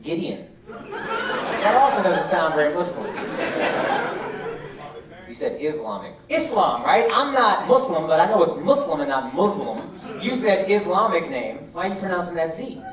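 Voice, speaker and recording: A male stand-up comic riffs on the crowd in a brash, foul-mouthed, teasing manner. His voice sits a little high and carries across a reverberant club, heard from some distance off the mic. Loud audience laughter rolls in behind him. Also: very animated, moderate pace, noisy background. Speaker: stand-up comedian. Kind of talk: crowd work in a comedy club. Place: comedy club stage.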